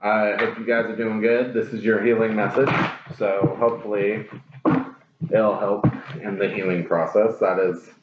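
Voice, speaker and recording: A man's voice: on the low side, level tone, normal speed. A man giving a casual tarot reading, blunt and profane, repeating his phrases for emphasis. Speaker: tarot reader. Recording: roomy, dull lo-fi with clear hiss.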